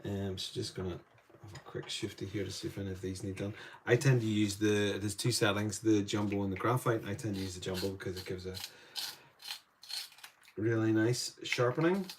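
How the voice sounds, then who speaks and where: Running a live painting demo, a Northern Irish man chats casually and says hello to viewers by name. He talks a little fast in a lowish voice, with slight background noise.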